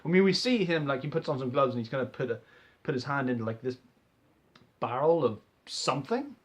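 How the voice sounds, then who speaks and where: A young man excitedly rambling through a casual movie trailer reaction, swearing freely and restarting his sentences. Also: medium pitch, fairly quick, breathy edge. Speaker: vlogger.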